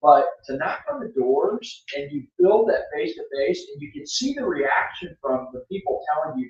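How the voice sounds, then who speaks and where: A man with a somewhat high voice tells a story in a blunt, emphatic way, often restarting his sentences. He sits back from the microphone, so the voice sounds distant and roomy. The sound is a bit dull. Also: big pitch swings, moderate pace, hardly any pauses. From Florida. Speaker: podcast host. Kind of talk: casual storytelling chat. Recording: echoey room, off-mic, dull sound.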